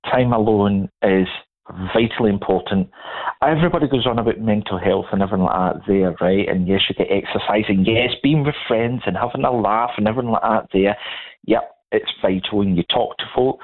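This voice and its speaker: A middle-aged man from Scotland with a Scottish accent, telling stories in a casual, chatty way and laughing as he goes. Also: fairly low pitch. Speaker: guest. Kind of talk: casual storytelling chat. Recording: tinny phone line.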